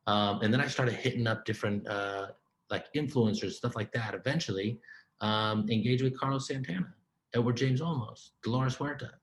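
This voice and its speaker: A man giving a keynote talk, telling a story in an informal, animated way, with lots of "man" and "right?" and restarts. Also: mid-range voice, normal speed, reverberant, poor audio. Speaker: keynote speaker.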